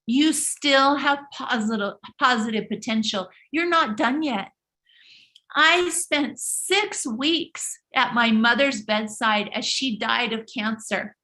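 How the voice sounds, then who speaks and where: A live motivational stream host with a fairly high, pushed and bright voice talks slowly. Her preachy, emphatic style is marked by frequent restarts and repetitions.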